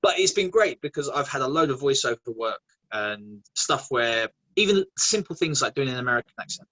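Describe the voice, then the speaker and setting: A man, a guest actor chatting casually in an interview, animated and quick to laugh. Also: mid-range voice, lo-fi sound. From England. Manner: animated, laughing, many restarts.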